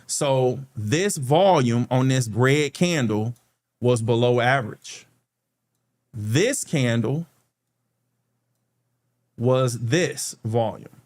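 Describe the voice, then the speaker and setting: Chatty man walking through stock charts. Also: medium pitch. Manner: chatty, addresses viewers as guys, checks in with okay. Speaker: stock market channel host. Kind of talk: screen-share tutorial walkthrough.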